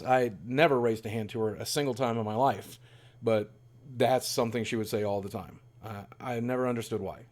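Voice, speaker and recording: A man's voice: medium pitch, brisk. A man in his forties telling a candid, rambling personal story in a self-deprecating way. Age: 40s. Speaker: YouTuber.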